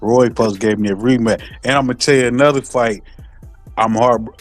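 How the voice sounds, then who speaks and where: A man on a livestream video call, relaxed, making short clipped remarks about boxing. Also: medium pitch, brisk, music in the background. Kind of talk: casual boxing chat on a livestream.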